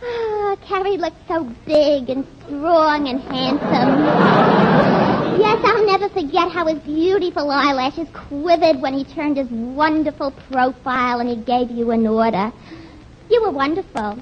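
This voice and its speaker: A woman's voice: high-pitched, unhurried. A woman playing a gushing, starstruck young woman in a 1940s radio comedy, swooning with admiration. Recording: dull, hissy 1940s radio broadcast.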